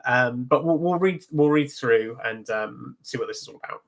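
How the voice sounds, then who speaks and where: A man's voice: mid-range voice, normal speed. A man co-hosting a casual stream, asking questions and explaining background in a hedging, thoughtful way. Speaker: co-host. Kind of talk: casual chat.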